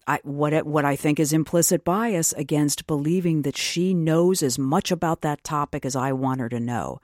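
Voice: medium pitch, moderate pace, darkish tone, no room sound. A radio host with a mid-range voice asks a guest a thoughtful question. The delivery is reflective and conversational. The studio sound is dry and close. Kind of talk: radio interview.

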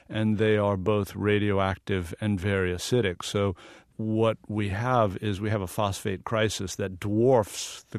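A Southern American man, a photographer appearing as a guest on a radio interview, answers questions earnestly and explains things, sometimes laughing. His voice is lowish with vocal fry, recorded at studio quality with no room sound.

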